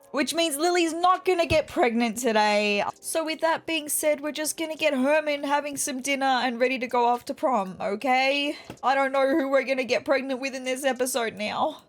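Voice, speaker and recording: A woman with a fairly high voice chats her way through a video game, talking directly to her viewers. She is openly emotional and sometimes sounds close to tears. Soft music plays faintly behind her. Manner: chatty, addresses viewers directly, emotional, near tears at times. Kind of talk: casual gameplay commentary.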